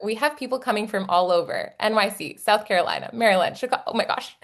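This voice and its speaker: A chatty, upbeat woman with a Texan lilt, hosting an online webinar at a middling pitch. She talks over a video call in a bubbly, filler-filled way. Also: expressive, fast talker, vocal fry. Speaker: webinar host.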